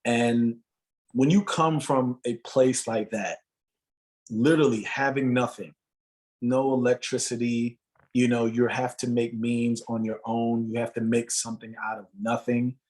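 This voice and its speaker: A man from Jamaica speaks as an interview guest, steady in pitch and earnest in tone. He builds a motivational story and leans on repeated phrases to drive each point home. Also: a little slow.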